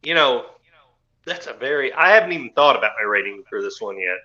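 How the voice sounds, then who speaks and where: Bright, crude-talking man podcast co-host. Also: mid-range voice, fairly quick, highs cut off. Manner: crude, profane and animated. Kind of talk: casual chat.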